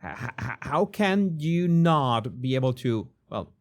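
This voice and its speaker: A commentary channel host with a Spanish accent, Spanish being his native language, talks slowly at a medium pitch. His style is casual and animated, with plenty of stammering and repeated words.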